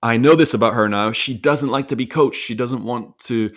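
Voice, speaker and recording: A man in his thirties tells a story from home as a podcast co-host. He talks in a reflective, earnest way and keeps restarting his sentences, at an ordinary mid pitch. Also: normal speed. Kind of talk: casual conversational storytelling.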